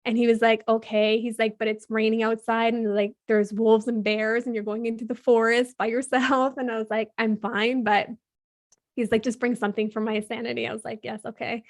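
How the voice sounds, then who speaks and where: On a podcast, a woman from Canada recounts something personal, talking fairly fast in a flat, fairly high voice. She's chatty and leans on "like," repeating what she and others said along the way.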